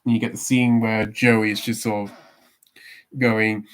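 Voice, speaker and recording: A man's voice: fairly low pitch, little pitch movement, unhurried. A Welsh man chatting in a rambling, easygoing way as he streams himself drawing. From Wales. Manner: rambling, chatty, with many fillers. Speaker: artist streaming live. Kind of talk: casual chat on a livestream.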